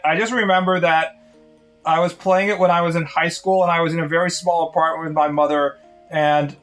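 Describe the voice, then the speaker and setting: A man's voice: a little high, a bit bright. A man chatting casually on a live stream in a sardonic, rambling way.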